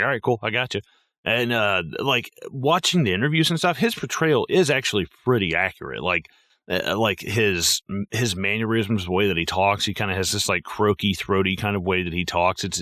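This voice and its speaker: A man co-hosting a casual movie podcast, swearing freely and acting out quotes in an animated way. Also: on the low side, brisk, dry recording, studio quality. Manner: animated, profane, acts out quotes. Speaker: podcast co-host.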